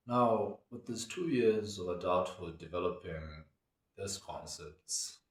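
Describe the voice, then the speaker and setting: Low-voiced guy w a rambling thoughtfully, sounds far off in a roomy space. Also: takes it slowly. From Botswana. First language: Setswana. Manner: reflective, meandering. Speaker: cultural commentator. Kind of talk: casual monologue. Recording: echoey room, away from mic.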